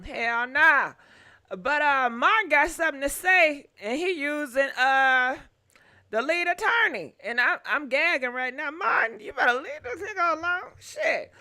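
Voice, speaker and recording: A woman hosting a casual gossip livestream, animated and profane, talking straight to her viewers. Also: high-pitched, unhurried.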